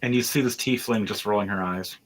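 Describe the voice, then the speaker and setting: A man's voice: fairly low pitch, fairly quick, faint music behind. A man narrating as game master in a casual, chatty way, laughing often.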